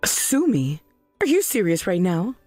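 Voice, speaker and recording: A woman's voice: on the low side, very animated, a little slow, a little mellow, dry recording, faint music behind. A woman voicing an indignant middle-aged mother who refuses blame for her son's debt. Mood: outraged. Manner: indignant, defensive.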